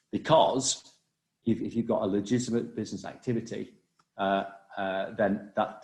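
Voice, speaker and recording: Echoey man giving a webinar. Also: fairly low pitch. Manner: quick, with frequent restarts and fillers. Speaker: webinar presenter. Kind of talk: live webinar talk on cybersecurity.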